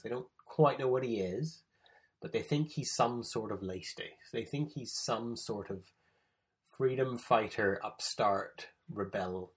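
Husky-voiced man teaching scripture. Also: fairly low pitch. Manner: explanatory, with emphatic read-aloud passages. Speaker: preacher. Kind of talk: bible teaching talk.

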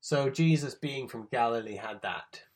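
A man's voice: medium pitch, normal speed. A man teaching from the Gospels, explaining the text and reading passages aloud with emphasis. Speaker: preacher. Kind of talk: bible teaching talk.

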